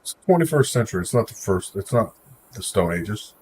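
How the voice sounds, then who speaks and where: A man's voice: fairly low pitch, expressive, a little fast, a little mellow, a little hiss or hum. A man hosting a live stream, chatting casually and opinionatedly while answering viewer comments by name. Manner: opinionated, talks back to chat by name. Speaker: livestream host. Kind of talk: casual livestream chat reacting to viewer comments.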